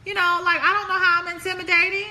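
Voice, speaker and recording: Chatty bright-voiced woman on a live stream. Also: very high voice, flat delivery, fast, a little hiss or hum. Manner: chatty, laughing, talks straight to viewers. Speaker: host of a live relationship stream. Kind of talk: casual live-stream chat reading comments.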